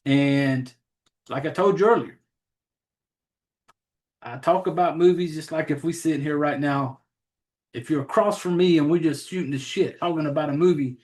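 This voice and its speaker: A man's voice: on the high side, moderate pace, pauses often, a little mellow. Rambling Southern man hosting a podcast. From Southern United States. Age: adult, has a child. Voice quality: rambling, profane, self-deprecating about names. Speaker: horror podcast host. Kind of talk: casual chat.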